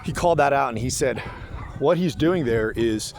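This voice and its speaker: Animated, sarcastic male commentator. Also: mid-range voice, normal speed, noisy background. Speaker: online commentator. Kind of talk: casual commentary vlog.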